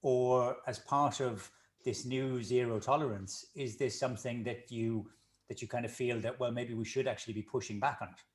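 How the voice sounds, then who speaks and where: A man hosting a sports business interview, asking thoughtful questions in a measured way with small restarts. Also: mid-range voice, fairly even intonation. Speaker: host.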